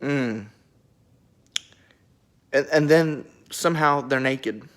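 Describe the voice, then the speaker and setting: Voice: mid-range voice, takes it slowly. A young video creator retelling Bible stories as comedy, rambling through jokes and side remarks. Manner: rambling, joking, animated asides.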